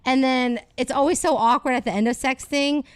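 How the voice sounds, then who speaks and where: A woman's voice: high-pitched, fairly even intonation, brisk, clean tone, no room sound. A woman comedian guest in casual podcast chat, bold and self-assured, laughing often.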